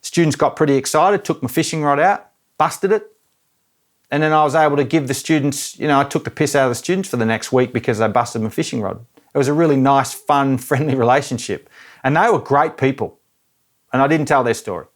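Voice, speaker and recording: A man's voice: mid-range voice, a little fast. A man in his thirties chatting casually and reflectively as a vlogger, rambling and self-mocking. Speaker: filmmaker and vlogger.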